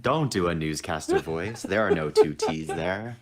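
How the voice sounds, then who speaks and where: A man's voice: low voice, big pitch swings, unhurried, a crowd in the background. A man co-hosting a live stream, chatting casually and making dry, teasing remarks. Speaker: stream co-host and moderator.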